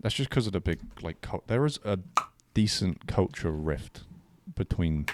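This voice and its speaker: A man's voice: low-pitched, expressive, moderate pace, background noise. A young man co-hosting a casual podcast chat, rambling and hesitant, often trailing off mid-thought. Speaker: podcast co-host.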